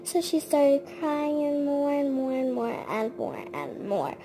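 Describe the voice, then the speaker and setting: A woman's voice: high voice, big pitch swings, slow, warm tone, low-quality recording. A woman chattily retelling a babysitting story, acting out the quoted dialogue as she goes. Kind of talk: casual spoken storytime.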